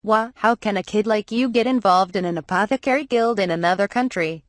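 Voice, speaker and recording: A rude, blustering shopkeeper man speaks from a storybook, read by a woman. The voice is plain and even, with a mid pitch. The recording is close and dry. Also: fairly quick, dry recording, close to an everyday voice.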